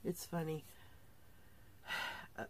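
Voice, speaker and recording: A woman's voice: takes it slowly, warm tone. A middle-aged woman telling a rambling travel story to her vlog audience from her RV, tired at the end of the day, laughing often and acting out the people she quotes. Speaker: vlogger. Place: inside her RV.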